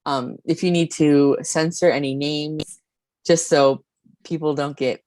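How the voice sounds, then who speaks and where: A woman hosting a casual podcast chat, relaxed and accommodating with her guest. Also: low-pitched, unhurried, a little hiss or hum. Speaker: podcast host.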